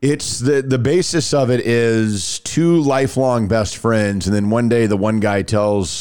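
A man's voice: mid-range voice, a little slow, a little mellow, clear, resonant tone, dry recording, clean studio sound. A man hosting a podcast, chatting casually and rambling with frequent restarts. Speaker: podcast host. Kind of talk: casual chat.

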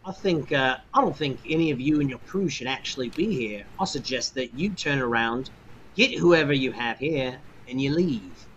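A man's voice: mid-range voice, lively intonation, moderate pace, fairly bright tone, lo-fi sound, a little hiss or hum, close to an everyday voice. A man voicing a drunk, overly familiar dockside thug who turns menacing, with a slurring, pushy manner.

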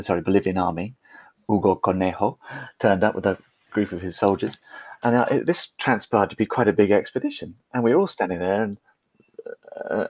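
A man speaks as a podcast guest, spinning a personal tale in a loose, self-deprecating way, stumbling over restarts as he goes. His voice sits low and a little husky. The sound is dry and close to the mic. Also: darkish tone, no room sound. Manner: chatty, self-deprecating, with frequent restarts and laughs. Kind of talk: conversational storytelling.

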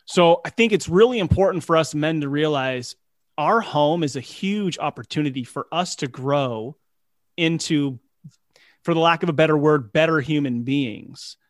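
A man hosting a casual podcast talk in a slightly high voice. He sounds earnest and encouraging as he steers the conversation. The recording is dry, with no room sound. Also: normal speed, no echo. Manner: earnest, encouraging, leads the discussion. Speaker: podcast host.

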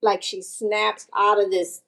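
A woman telling a personal story in a podcast chat, lively and animated. She peppers her talk with "like" and slips into voices for the people she quotes. Her voice sits at an ordinary middle pitch. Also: slow pace, vocal fry. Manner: frequent "like" fillers. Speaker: guest.

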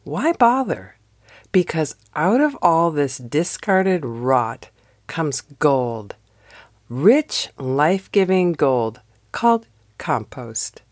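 A woman hosting a devotional show, giving a slow, expressive scripted narration. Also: deep voice, no echo, clean studio sound. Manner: slow, expressive storytelling read. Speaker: devotional podcast host.

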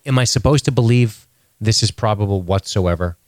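A man co-hosting a podcast, chatting casually in animated, mock-outraged rants full of swearing and laughter. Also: fairly low pitch, brisk, no echo, clean studio sound. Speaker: podcast co-host. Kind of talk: casual recap chat.

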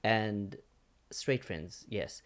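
A man's voice: fairly low pitch, extremely slow. A man in casual conversation, talking earnestly and reflectively about personal experiences. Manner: earnest, reflective, animated when retelling.

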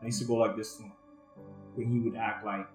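A man's voice: fairly low pitch, flat delivery, quick pace, darkish tone, echoey room, soft background music, poor audio. A man in his thirties talking earnestly and emotionally about fatherhood, with casual slang, in a candid podcast conversation. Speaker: guest.

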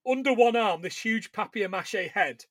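Bright-voiced, high man chatting. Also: normal speed, no room sound. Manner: chatty storyteller, rambling with restarts and laughs. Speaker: podcast co-host. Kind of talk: casual chat about films.

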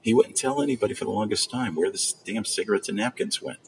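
Gravelly animated male storyteller. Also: fast, slight background noise, poor audio. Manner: animated storyteller, acts out quotes with big pitch jumps. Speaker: magician and storyteller guest. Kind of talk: casual storytelling chat.

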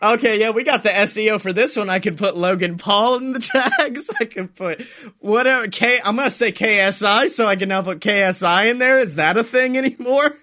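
A man's voice: high-pitched, a little fast, sharp tone. A young man co-hosting a podcast in casual comedic chat, rambling, swearing and acting out little voices as he spins a story. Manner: rambling, swears a lot, acts out voices in quotes. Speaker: podcast co-host.

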